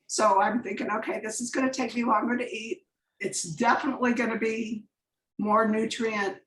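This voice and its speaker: Chatty higher-voiced woman on a video call. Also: fairly bright tone. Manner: chatty, rambling, anecdotal. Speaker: guest presenter on a coaching call. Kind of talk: conversational slide presentation. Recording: echoey room on a video call.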